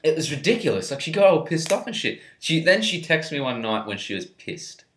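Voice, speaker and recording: A man's voice: fairly high pitch, sing-song, brisk, fairly bright tone. A man telling a crude story in casual podcast chat, laughing often and swearing freely. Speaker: podcast co-host. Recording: echoey room.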